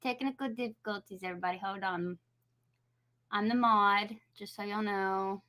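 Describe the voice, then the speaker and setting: A woman's voice: medium pitch, steady tone, normal speed, bright, forceful tone. A woman acting as chat moderator on a livestream, flustered and talking to herself as she sorts out the settings.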